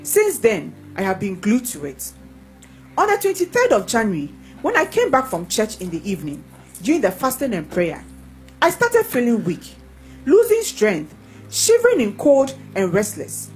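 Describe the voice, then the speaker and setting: A woman reading testimonies aloud in a lively, expressive way. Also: on the high side, moderate pace, faint music behind, poor audio.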